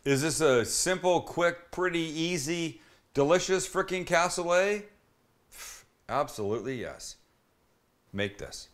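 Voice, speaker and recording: A man's voice: fairly high pitch, animated, measured pace, clear, resonant tone, poor audio. A man hosting a casual cooking demonstration, chatty and enthusiastic as he walks the viewer through each step. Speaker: cooking show host.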